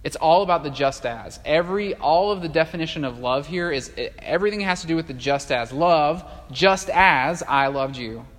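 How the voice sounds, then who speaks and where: A male pastor preaching a sermon in a conversational, animated way, with frequent fillers and restarts. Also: fairly high pitch, quick pace, hardly any pauses. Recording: long hall reverb.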